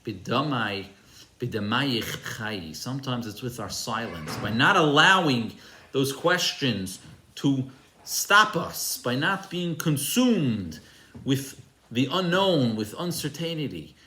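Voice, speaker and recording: A man's voice: mid-range voice, very animated, takes it slowly, pushed and bright. A man, a rabbi, giving an earnest, emphatic sermon with storytelling. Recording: roomy echo.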